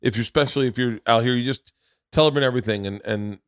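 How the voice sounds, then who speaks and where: A man's voice: mid-range voice, very fast, clean tone, no room sound, studio quality. A man hosting a podcast in casual chat, rambling and restarting his sentences often. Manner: rambling, with many restarts and stammers. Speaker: podcast host.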